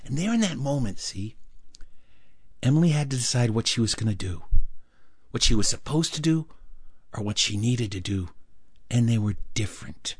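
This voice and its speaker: A male storyteller recounting a childhood memory in an animated, acted-out way. His voice rises and falls widely as he builds the tale. He slips quickly into the voices of the people in his story. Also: mid-range voice, husky, no echo. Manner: animated, acts out dialogue with varied voices. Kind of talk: performed personal storytelling.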